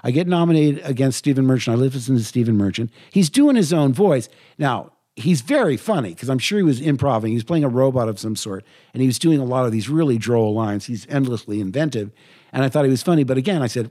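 An older man, a voice actor, telling lively anecdotes in an interview. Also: mid-range voice, fast talker. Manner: animated anecdotes, quotes himself in lively voices. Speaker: voice actor guest. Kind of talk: interview storytelling.

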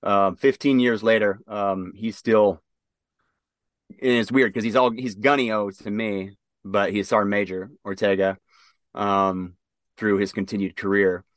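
Dry-voiced man telling a halting story. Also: lowish voice, fairly even intonation, no echo. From Nebraska. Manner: halting, many fillers and restarts. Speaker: interview guest, military veteran. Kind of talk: casual spoken storytelling.

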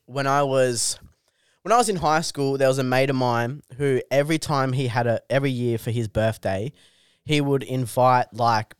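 A young comedian riffing on a podcast, emphatic and full of swearing. His voice is smooth and resonant at an ordinary pitch. It is recorded close and dry. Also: moderate pace, no room sound. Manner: emphatic, swearing, eager banter. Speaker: comedian guest. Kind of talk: casual comedy podcast chat.

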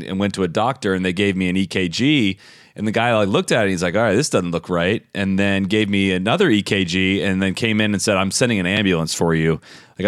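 Man, podcast host, low voice, dry close sound, relaxed chat. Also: dry recording. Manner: relaxed, conversational, with fillers. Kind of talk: casual interview chat.

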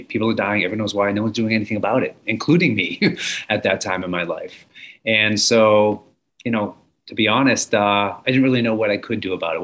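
A man's voice: lowish voice, fairly bright tone. A man in his forties, a guest telling his story in an earnest, reflective way with some fillers. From United States. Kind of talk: conversational storytelling.

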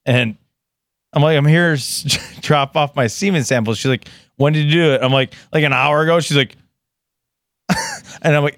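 Male podcast co-host, lively storyteller, slightly high voice. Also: normal speed, no echo. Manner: animated, laughing, acts out voices in stories. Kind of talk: crude casual storytelling.

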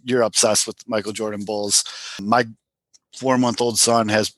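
A man's voice: on the low side, flat delivery, unhurried, a bit bright, dry recording. Podcast guest: man, talkative and keen, recorded dry. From Chicago, USA. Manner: enthusiastic, talkative, explains at length. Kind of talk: casual chat.

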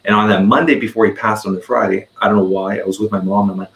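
A man's voice: on the low side, fairly even intonation, fast, creaky, few pauses, a bit bright, roomy sound, low-quality recording. A man in his forties, a podcast guest, telling a story in casual conversation, rambling and repeating words as he goes.

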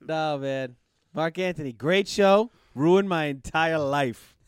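A man's voice: on the high side, slow, clear, resonant tone, no room sound, studio quality. A man co-hosting a podcast, joking around and laughing often in casual banter. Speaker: podcast co-host.

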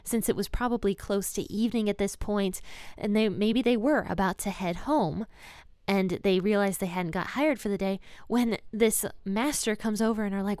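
A woman gives a relaxed devotional Bible talk, retelling the passage in plain conversational words and speaking openly about her own life. Her voice is smooth and clear, and the recording is dry and close. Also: mid-range voice, normal speed, no room sound. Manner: candid and personal. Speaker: Bible teacher.

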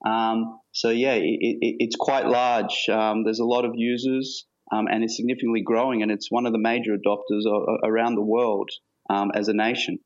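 A man's voice: fairly low pitch, little pitch movement, moderate pace. An Australian man from Sydney, a guest from a project team, explaining loosely with lots of fillers over a remote call. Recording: muffled remote call line.

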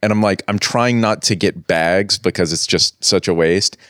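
A man's voice: low-pitched, moderate pace, a bit bright, no echo, studio quality. A young man co-hosting a podcast, making wry jokes in casual chat. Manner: wry, joking. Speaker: podcast co-host.

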